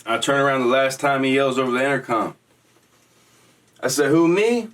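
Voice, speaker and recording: A man's voice: medium pitch, flat delivery, a little fast, a bit bright. Slangy streetwise man, distant mic. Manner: slangy, streetwise, acts out quoted voices. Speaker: storyteller. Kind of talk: casual storytelling.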